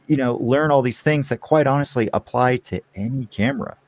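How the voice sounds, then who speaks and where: A man guesting on a podcast, chatting casually and telling candid, animated stories. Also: mid-range voice, a little fast, no echo.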